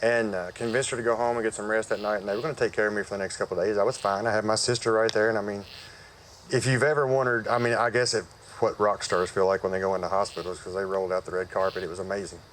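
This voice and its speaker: A man shares a personal testimony at an outdoor church service. His voice sits somewhat low, and his talk is folksy and unpolished, full of "uh" and "um". Faint insect sounds hum behind him. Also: fairly even intonation, quick pace, a bit bright, low-quality recording. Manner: folksy and conversational, with frequent fillers. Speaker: church member giving testimony.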